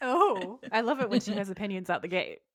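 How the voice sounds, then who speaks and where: Brief: woman podcast co-host, casual and enthusiastic, trips over restarts, mid-pitched, dry close mic. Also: animated, brisk, fairly bright tone, no room sound. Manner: rambling, many restarts and tangents; enthusiastic, laughs often. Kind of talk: casual chat.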